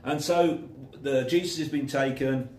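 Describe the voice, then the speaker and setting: This is a man preaching informally, his tone chatty as he tells stories and acts out the voices of the people in them. His mid-range voice is a little mellow and measured in pace. The recording is echoey, his voice coming from a distance.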